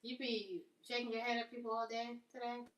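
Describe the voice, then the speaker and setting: A woman's voice: fairly high pitch, level tone, brisk, a bit bright, recorded from a distance. Chatty woman, roomy and off-mic. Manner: chatty, self-amused, laughs at own jokes. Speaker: live streamer. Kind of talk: casual live-stream chat.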